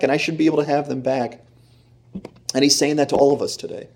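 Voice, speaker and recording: A man preaching a sermon in a lively, animated way, often acting out the voices in the story he tells. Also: on the high side, quick pace, breathy edge. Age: young adult or middle-aged, father of children. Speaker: pastor.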